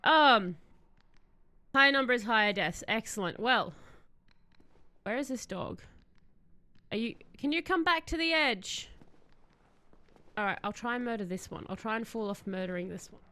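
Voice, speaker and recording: A woman streaming a game, possibly, chatting excitedly and answering her chat as she plays. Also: fairly high pitch, normal speed, pauses often. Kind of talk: live-stream gameplay chat.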